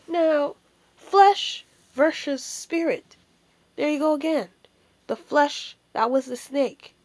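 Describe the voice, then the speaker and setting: Slow, high-voiced woman preaching. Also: darkish tone. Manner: emphatic, full of rhetorical questions. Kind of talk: informal sermon.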